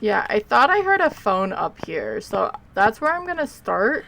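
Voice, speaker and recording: A woman's voice: fairly high pitch, sing-song, a little slow, creaky, bright, forceful tone, rough recording. Sleepy, chatty woman streamer. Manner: chatty, rambling, sleepy and yawning. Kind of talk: casual live gameplay commentary.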